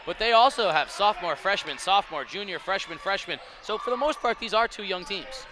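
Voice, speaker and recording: High-voiced man doing color commentary. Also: expressive, a little fast, background noise. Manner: rambling, many restarts and fillers, emphatic analysis. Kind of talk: basketball commentary. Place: high school gym.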